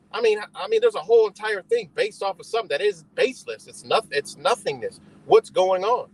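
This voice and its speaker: A man's voice: high voice, expressive, fairly quick, few pauses, slightly rough, rough recording. A man hosting a live stream, rambling and swearing as he confronts his chat and answers their questions. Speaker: livestream host. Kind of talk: ranting live stream talk.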